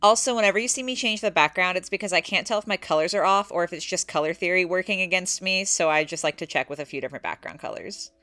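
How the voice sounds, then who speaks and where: A young woman narrating her own drawing process in a soft-spoken, candid voice-over. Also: on the low side, fast, hardly any pauses. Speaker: artist vlogger.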